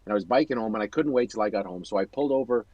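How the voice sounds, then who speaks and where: A man's voice: fairly low pitch, animated, very fast, darkish tone, no echo, lo-fi sound. A man hosting a casual video-call chat, telling a long, rambling personal story with self-corrections. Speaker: host.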